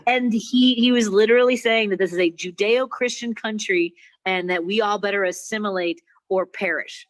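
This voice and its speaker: A middle-aged woman from Chicago, a comedian with a migraine, telling an animated, mock-outraged story over a video call. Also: mid-range voice, moderate pace, no room sound. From Chicago, USA. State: suffering a migraine. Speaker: comedian and talk show host guest. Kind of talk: stand-up style ranting story.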